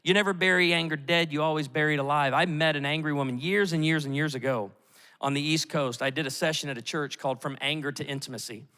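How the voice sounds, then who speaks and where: A middle-aged male pastor delivers a sermon with lively storytelling, acting out the voices he quotes. His voice is bright and sits slightly high. It rings with the long reverb of a large church auditorium. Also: quick pace, smooth.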